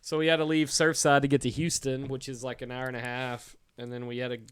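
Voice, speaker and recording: A man's voice: mid-range voice, level tone, fast talker, smooth. A man co-hosting a podcast in casual chat who jokes crudely and curses freely. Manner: crude, profane, sardonic jokes. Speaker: podcast co-host.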